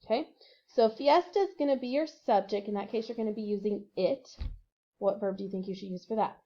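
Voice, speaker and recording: A woman gives a recorded lesson, patiently stepping through exercises and spelling answers letter by letter. Her voice sits at an ordinary middle pitch. The recording is dull and lo-fi. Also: a little fast, warm tone. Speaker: Spanish teacher.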